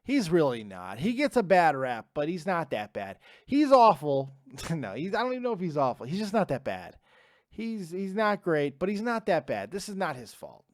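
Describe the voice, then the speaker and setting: A young man hosts a live stream, reading out chat names and answering in a loose, profane, casual way. His voice sits a touch high and swings up and down a lot. The sound is dry and close. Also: darkish tone, no room sound. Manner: casual, swears freely, reads chat names aloud.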